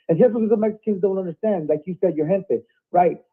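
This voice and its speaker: A man's voice: high voice, fairly quick, few pauses. A man calling into a show, telling a story casually and repeating himself as he goes. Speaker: caller. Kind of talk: casual phone call. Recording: phone line.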